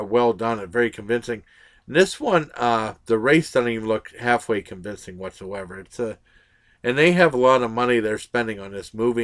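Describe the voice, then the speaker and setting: A man's voice: mid-range voice, a bit bright. A man giving a casual movie review, blunt and rambling, with lots of "uh" and restarts.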